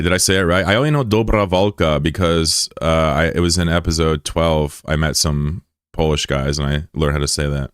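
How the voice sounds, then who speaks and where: A man's voice: rumbling low, no room sound, studio quality. A young American man streaming and chatting casually with his audience, joking around and stumbling as he tries words in other languages. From United States. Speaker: livestreamer. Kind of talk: casual chat with a live audience.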